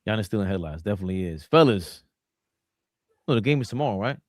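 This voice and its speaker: A man's voice: on the low side, animated, quick pace, dry recording, clean studio sound. A man hosting a casual sports podcast, brash and swearing, laughing often as he reads viewer messages. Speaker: podcast host.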